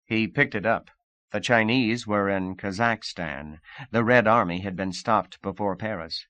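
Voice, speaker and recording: A man with a low voice reads an audiobook in a calm, measured way. The sound is close and dry, with no room echo. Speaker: audiobook narrator. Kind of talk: audiobook narration.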